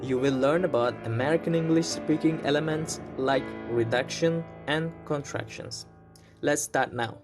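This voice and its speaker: A man's voice: on the high side, moderate pace, music in the background. A man teaching English pronunciation in a recorded online lesson. He speaks carefully, repeating words and demonstrating the sounds himself.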